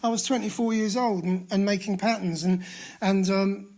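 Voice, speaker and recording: Against a noisy background in a meeting room, an Englishman in his sixties with a London accent shares at a recovery meeting. His voice sits high, with fairly even intonation and normal speed, and he speaks candidly, mocking himself and restarting often.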